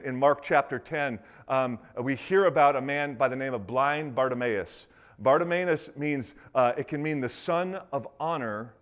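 Man, pastor, lively conversational sermon, a touch higher-pitched voice. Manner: animated, conversational preaching with acted-out quotes.

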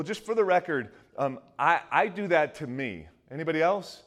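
A man preaching a sermon in a casual, conversational way, asking his listeners questions and dropping low and quiet when he quotes. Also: big pitch swings, moderate pace, few pauses. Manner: conversational, asks the audience questions. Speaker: pastor.

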